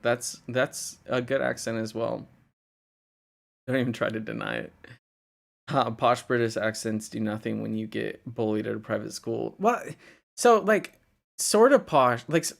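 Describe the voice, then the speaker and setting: A young man from the United States chats loosely with his live-stream audience, answering comments as they come in. His voice sits at a middle pitch with a gravelly, creaky edge. He rambles through plenty of fillers and restarts. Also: fairly bright tone. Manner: rambling, filler-heavy, answers chat comments with frequent laughs. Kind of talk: casual live-stream chat.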